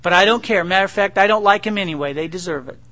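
A man's voice: high-pitched, moderate pace, a bit bright. A man preacher acting out a weary, exasperated young prophet in a pleading, emphatic way. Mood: sulky.

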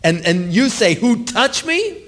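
Retold scene: a preacher voicing an exasperated man, stammering and lively. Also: a little high, unhurried, pitched above the performer's own voice, heavily acted. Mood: incredulous. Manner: incredulous, flustered. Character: exasperated disciple, grown man.

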